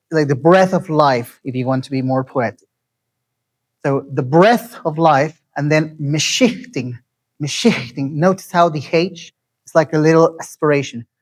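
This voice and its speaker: Man teaching pronunciation slowly. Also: a little high, low-quality recording. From Mexico City. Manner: slow, deliberate, repeats words to teach pronunciation. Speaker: lecturer. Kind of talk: lecture.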